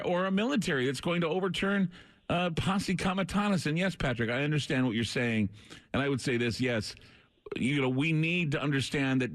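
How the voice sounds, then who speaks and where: A man's voice: mid-range voice, a bit bright, dry recording. A man hosting a talk radio show, speaking in an earnest, preaching manner into a close studio microphone. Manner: earnest, preaching delivery, briefly choked up. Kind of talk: late-night talk radio.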